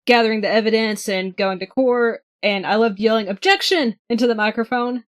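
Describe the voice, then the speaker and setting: A woman's voice: fairly high pitch, steady tone, a little fast. A young woman co-hosting a casual podcast chat, cheerful and enthusiastic. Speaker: podcast co-host.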